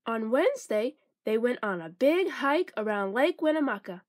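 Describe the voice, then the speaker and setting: A woman reading a children's picture book aloud, expressive and playful with sound effects. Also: a little high, normal speed, no echo, studio quality. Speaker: storybook reader.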